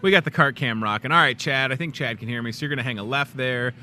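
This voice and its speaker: A man's voice: mid-range voice, quick pace, sharp tone, slight background noise. A middle-aged man with a Midwestern accent hosting a casual, jokey talk show from a grocery store aisle, upbeat and chatty. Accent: Midwestern American. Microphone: clip-on lapel mic.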